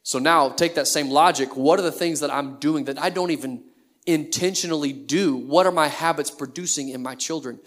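A man's voice: fairly high pitch, moderate pace, a bit bright. A man in his thirties, a pastor preaching a sermon in a conversational way, full of rhetorical questions.

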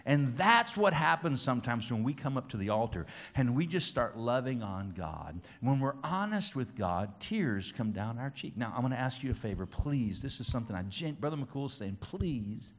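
Animated man leading children's church. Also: moderate pace, hardly any pauses. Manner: booming and playful with the kids, dropping to soft and earnest. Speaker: children's pastor. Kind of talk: lively children's church sermon.

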